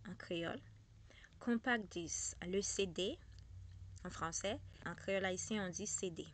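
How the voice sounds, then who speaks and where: A woman giving a vocabulary lesson, slowly repeating each word as she switches between languages. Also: mid-range voice, a little hiss or hum. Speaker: language teacher.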